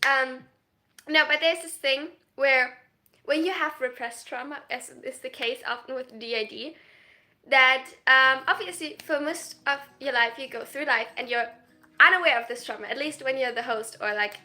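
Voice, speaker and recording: High bright-voiced young woman streaming. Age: 20s. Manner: flustered, self-interrupting, quick to laugh. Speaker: livestreamer. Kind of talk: casual livestream chat.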